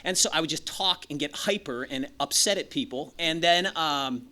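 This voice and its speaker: A man from Los Angeles speaks at a moderate pace in a somewhat high, pushed, bright voice. Standing up at a meeting in a meeting room, he tells his own recovery story candidly and profanely, joking and acting out other people's voices.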